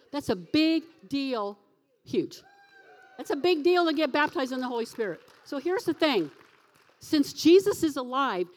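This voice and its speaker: A woman pastor giving a sermon with a personal testimony, telling her story in an animated way and acting out the voices of the people she quotes. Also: on the high side, long reverb tail.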